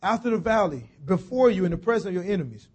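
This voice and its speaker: A man preaching a sermon in a folksy, chatty way, slowing down and dropping low on key phrases and rising on emphasis. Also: animated, husky.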